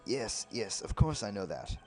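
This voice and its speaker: A man doing a pompous old lawyer clearing his throat. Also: fairly low pitch, sing-song, moderate pace, a little mellow, faint music behind. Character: pompous older male lawyer.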